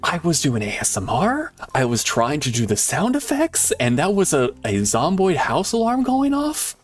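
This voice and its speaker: A man streaming a game live, chatting casually with viewers and swinging from excited shouts to quiet muttering. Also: fairly high pitch, normal speed, soft background music. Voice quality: animated, laughs often, jumps between excited shouts and quiet muttering.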